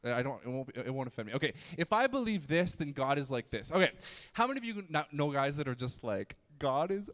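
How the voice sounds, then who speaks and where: A man's voice: mid-range voice, very animated, quick pace, few pauses, a bit bright. A man giving a casual youth sermon, chatty and joking, with frequent restarts and stammers. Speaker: youth pastor. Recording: long hall reverb.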